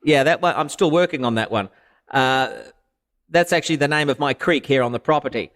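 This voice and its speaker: A man chatting as a podcast guest in a deadpan, rambling way, trailing off into fillers. His pitch sits right in the middle for a man. He keeps the jokes bone-dry. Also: brisk. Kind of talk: comedic podcast chat.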